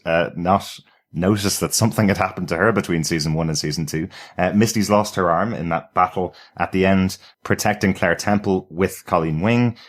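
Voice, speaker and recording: A man co-hosting a podcast, chatty and enthusiastic, laughing easily. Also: low voice. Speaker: podcast co-host. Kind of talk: casual review chat.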